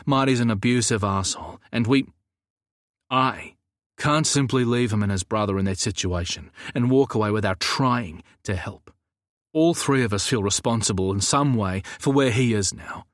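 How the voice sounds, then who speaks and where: A man voicing a protective, frustrated man who talks in a defensive, quietly intense way. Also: mid-range voice, normal speed, no room sound, studio quality, natural voice.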